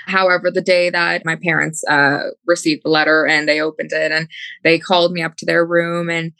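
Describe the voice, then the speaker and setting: A woman's voice: deep voice, flat delivery, moderate pace, vocal fry, bright, forceful tone, dry recording, low-quality recording. A young woman recounting a personal story in an interview with candid humor. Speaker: guest.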